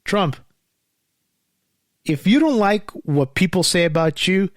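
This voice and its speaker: A man's voice: high-pitched, lively intonation, takes it slowly, no echo, studio quality. A man hosting his own show, ranting angrily in a casual, profane monologue full of restarts and fillers. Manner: angry, profane, rambling with many restarts and fillers. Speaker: podcast host.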